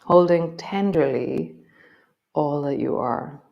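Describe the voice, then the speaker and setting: A woman with a notably low voice leads a yoga practice. She talks through each movement in slow, gentle cues, then chats easily to her class. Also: gravelly, dull audio. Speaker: yoga teacher.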